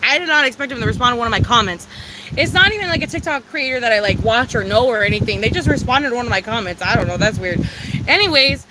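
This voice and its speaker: A woman's voice: a little high, animated, fast talker, very noisy. A young woman chatting live with viewers in a bubbly, profane way. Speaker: livestreamer. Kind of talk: casual live chat. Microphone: phone.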